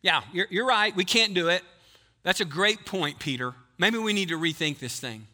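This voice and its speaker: A male pastor preaching a sermon to a live congregation, quizzing the people and switching between quick talk and slow emphasis. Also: high-pitched, lively intonation, pushed and bright. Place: church before a live congregation.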